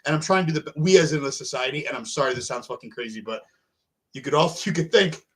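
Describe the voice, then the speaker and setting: A middle-aged man rambles through a casual podcast chat, quick and a little high in pitch. He swears freely and pokes fun at himself as he talks. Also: fairly bright tone. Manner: profane, rambling, self-deprecating. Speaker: podcast guest, MMA fighter.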